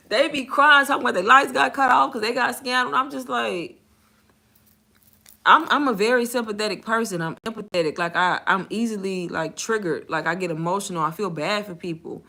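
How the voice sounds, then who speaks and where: Blunt, bright-voiced young woman vlogging. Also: a little high, normal speed, vocal fry. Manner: candid and blunt, slangy, laughs often. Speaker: content creator and bank call center agent. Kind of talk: casual storytime vlog.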